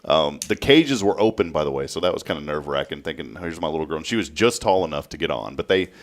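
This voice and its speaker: A man, hosting a casual studio talk show and telling a story with lively flair. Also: extremely low pitch, quick pace. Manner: animated storytelling, acts out a child's voice. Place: local TV studio.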